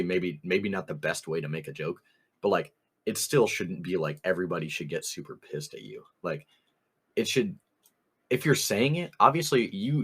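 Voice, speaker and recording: Here a young man's low-pitched voice carries a breathy edge as he co-hosts a podcast. His anecdote meanders through casual chat with frequent laughs and plenty of "I was like" to quote others.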